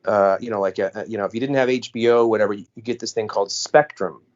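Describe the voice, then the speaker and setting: Podcast co-host, American man, lively storyteller, dull lo-fi sound. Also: on the low side, fast. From United States. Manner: animated storyteller, acts out quoted voices. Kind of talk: casual storytelling chat. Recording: dull lo-fi audio.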